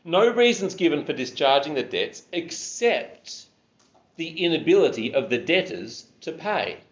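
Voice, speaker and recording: A man's voice: fairly high pitch, sing-song, a little slow, highs cut off. A man preaching a sermon, explaining scripture verse by verse and stressing key words.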